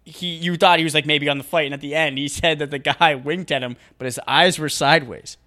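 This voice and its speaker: A man's voice: a little high, steady tone, a little fast, bright, forceful tone. A young man with a New Hampshire accent co-hosting a podcast, rambling in casual chat with lots of fillers and laughter. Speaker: podcast co-host.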